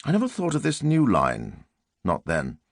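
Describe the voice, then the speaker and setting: A man's voice: mid-range voice, wildly swooping pitch, moderate pace, no echo, clean studio sound. A man voicing a brooding, self-pitying middle-aged murderer in a musing inner monologue from an audiobook.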